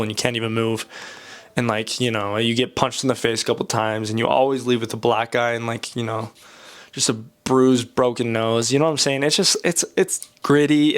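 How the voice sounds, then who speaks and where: A young man speaking through a head cold that leaves his voice a little nasal and stuffy. His pitch sits in the middle range, and he talks in a loose, rambling, self-deprecating way, like someone chatting to viewers while he sketches. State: sick, slightly nasal. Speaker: art channel host. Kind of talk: casual vlog monologue while drawing.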